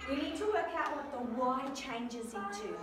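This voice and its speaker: High-voiced woman teacher in echoey classroom. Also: expressive, normal speed. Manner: encouraging, coaxing questions, spells out letters. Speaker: primary school teacher. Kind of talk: classroom spelling lesson. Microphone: camera at a distance. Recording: echoey room, far from mic, faint noise.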